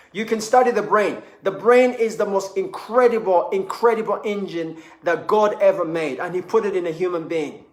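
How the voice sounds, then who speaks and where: A man giving an energetic motivational talk, often repeating words and acting out cheerful quoted voices. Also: high-pitched, roomy sound. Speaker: motivational speaker.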